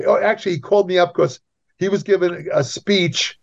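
A man's voice: sits high, fairly quick, creaky. Rambling male guest on a dull line. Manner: rambling, repeats himself, many restarts. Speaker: guest writer. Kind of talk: casual interview chat. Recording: dull lo-fi sound.

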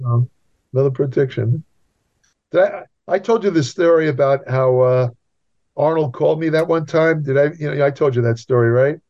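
Male interview guest, a bit high-pitched, repetitive storyteller, muffled recording. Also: moderate pace, mellow. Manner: rambling, repeats himself, many restarts. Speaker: guest writer. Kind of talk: casual interview chat. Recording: dull lo-fi sound.

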